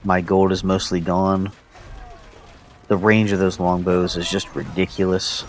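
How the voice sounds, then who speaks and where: Male player, deep voice, narrates his own match loosely with ums, faint music underneath. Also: a little slow. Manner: relaxed, thinking aloud with fillers. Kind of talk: casual gameplay commentary.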